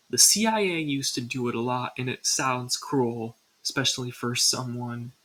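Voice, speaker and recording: Young woman, video narrator. Scripted ranking read, casual with dry asides, husky edge. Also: rumbling low, a bit bright, poor audio. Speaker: video creator.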